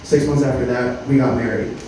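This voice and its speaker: A man in his thirties performing a stand-up comedy set on a club stage, deadpan, with frequent filler words. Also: medium pitch, a little fast, a little hiss or hum. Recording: roomy club sound from a distance. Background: faint room ambience.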